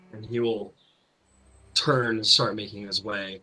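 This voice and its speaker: Bright, husky-voiced man running the game. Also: lowish voice, steady tone, measured pace, faint music behind, poor audio. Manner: loose, filler-heavy, many "like"s. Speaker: game master. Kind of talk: narrating a tabletop game.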